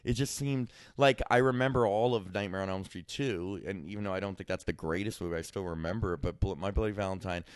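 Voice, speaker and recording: A man in his twenties co-hosting a casual chat about movies, talking in quick bursts and often cutting himself off mid-sentence. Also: deep voice, smooth, dry recording, studio quality. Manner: chatty, self-interrupting, quick to laugh. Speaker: podcast co-host.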